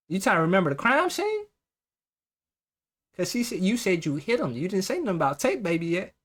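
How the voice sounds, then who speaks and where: A man's voice: high voice, big pitch swings, a little fast, long pauses, fairly bright tone, husky. A man hosting a reaction video, mocking and incredulous as he comments. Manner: sarcastic, incredulous, teasing. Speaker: reaction channel host.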